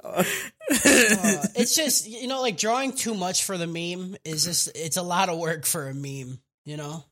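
A man's voice: sits high, measured pace, bright, forceful tone. A man co-hosting a casual podcast, joking crudely and laughing often. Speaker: podcast co-host. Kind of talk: casual chat.

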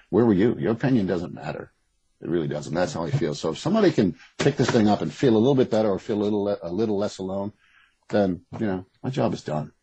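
A man's voice: low-pitched, warm tone, slightly rough, no echo, poor audio. A man speaking as a guest in an interview, talking candidly and rambling with restarts. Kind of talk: casual interview conversation. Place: West Coast.

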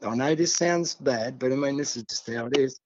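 Through a muffled recording, an older Australian podcast guest rambles folksily through his stories, his speech dotted with "see" and "mate." His voice sits at medium pitch with a darkish tone, and he keeps a moderate pace.

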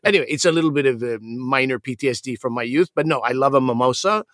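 A man's voice: medium pitch, fast, a bit bright, no echo, studio quality. A man co-hosting a podcast, teasing and telling jokey stories. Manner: joking, teasing storyteller. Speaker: podcast co-host. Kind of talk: casual podcast conversation.

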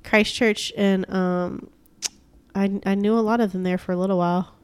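A woman's voice: medium pitch, fairly even intonation, normal speed, clear, resonant tone, no echo. A woman co-hosting a podcast, chatting casually and laughing often. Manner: chatty, laughs often, quotes people in put-on voices. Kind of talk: casual chat.

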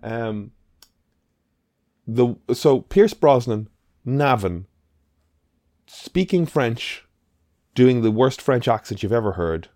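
Taking his time with long pauses, a man speaks in an expressive, warm, mid-range voice. He's co-hosting a podcast and casually discussing a film, wandering and emphatic, with a swear here and there. The sound is studio quality with no room tone.

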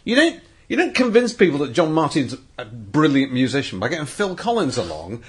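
Husky, animated man making a point. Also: fairly high pitch, a little fast. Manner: earnest, arguing a point. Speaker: podcast co-host. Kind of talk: casual chat.

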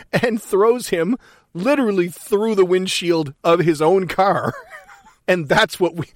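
A man's voice: high-pitched, slow, dry recording, studio quality. A male podcast co-host recounting a film scene in casual chat, laughing often and swearing freely. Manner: laughing storyteller, profane.

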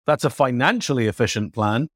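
A man, an energetic, talkative guest on an interview show. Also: brisk, no room sound, clean studio sound. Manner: energetic, talkative, jumps up in pitch. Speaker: guest, travel points expert. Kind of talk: lively interview talk.

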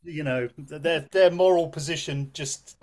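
Male co-host, higher pitch, hesitant casual interviewer. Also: moderate pace, darkish tone. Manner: rambling, hesitant, many fillers. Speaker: podcast co-host.

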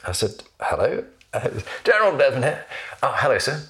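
Animated man telling a story. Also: mid-range voice, fairly quick. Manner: animated, acts out voices in anecdotes. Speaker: podcast host. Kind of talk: storytelling in casual interview.

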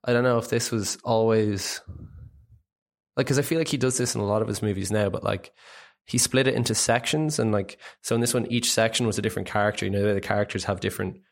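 A man's voice: lowish voice, quick pace, creaky. A man co-hosting a film podcast, talking loosely with lots of "like" and swearing. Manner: loose, swearing, filler-heavy. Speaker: podcast co-host. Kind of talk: casual film chat.

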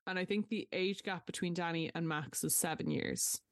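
A woman's voice: on the low side, normal speed, dry recording, clean studio sound. A young woman co-hosting a podcast, chatting casually and retelling film scenes with animation. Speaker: podcast co-host.

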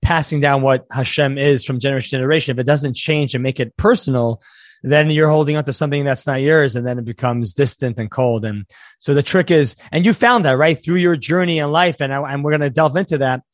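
A man's voice: mid-range voice, fairly quick, no room sound, clean studio sound. A man hosting a casual interview, thoughtful and searching for his words. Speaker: podcast host.

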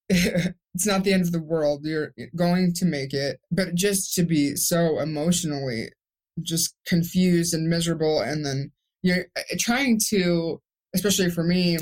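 In an unhurried, darkish voice on the low side, a young stroke survivor talks emotionally and openly as a guest in a podcast interview. Her answers wander, with frequent restarts.

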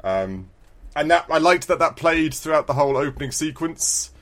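A man's voice: a little high, expressive, moderate pace, fairly bright tone. A man co-hosting a casual podcast about an old video game, rambling, restarting sentences and laughing often. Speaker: podcast co-host.

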